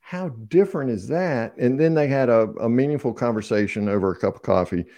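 A man in his sixties, a podcast guest who tells stories in a relaxed conversational way and laughs often. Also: mid-range voice, brisk, no echo. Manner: warm storyteller, laughs often. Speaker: guest speaker.

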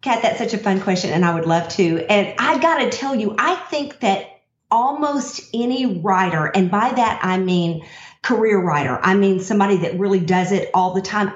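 Effusive woman guest, remote audio, distant, dull and roomy. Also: medium pitch. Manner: warm, effusive, laughs often. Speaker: guest author.

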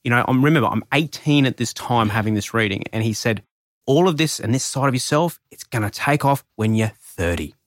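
Male podcast host in his forties with a mid-pitched voice, recorded dry and close. He tells stories with lively energy, his voice leaping up when he gets excited. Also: brisk, no room sound. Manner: animated storyteller, pitch jumps when excited. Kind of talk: casual podcast chat.

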